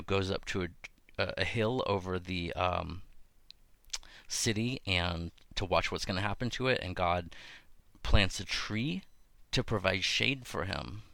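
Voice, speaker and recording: A man with a low, gravelly voice hosts a casual podcast, thinking aloud with plenty of fillers and restarts. The recording is dry and close, with no room sound. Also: a bit bright, no room sound. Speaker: podcast host. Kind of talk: casual talk on biblical texts.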